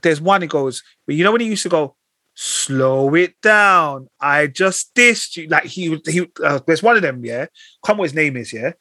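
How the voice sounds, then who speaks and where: A young man hosts a relaxed chat, his voice bright and a little husky. He talks in loose, slangy runs full of fillers, and the sound is close and dry. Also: a little high, fast talker, no room sound. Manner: laid-back slangy talk with many fillers. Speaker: podcast host. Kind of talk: casual chat.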